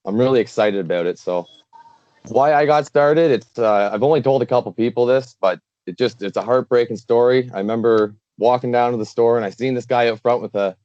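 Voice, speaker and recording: A man's voice: mid-range voice, brisk, darkish tone, no room sound. A man from Canada, a guest talking earnestly and rambling with many fillers in a casual interview. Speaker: guest, charity founder. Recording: dull lo-fi dry sound.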